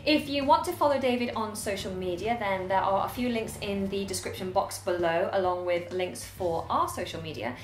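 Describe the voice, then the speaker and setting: A woman's voice: medium pitch, roomy sound, slight background noise. A British woman who hosts an English-learning channel, talking in a bubbly, chatty way. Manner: bubbly, chatty, quick to laugh. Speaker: English teacher and channel host. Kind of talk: playful mock presenting and outro.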